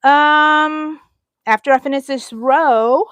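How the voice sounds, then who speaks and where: A woman's voice: sits high, slow, fairly bright tone, no echo. A middle-aged woman hosting a live crochet stream from home, chatting with viewers and yawning now and then. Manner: chatty, reads out viewer comments, yawns often. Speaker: crochet livestream host. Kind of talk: casual live chat while crocheting.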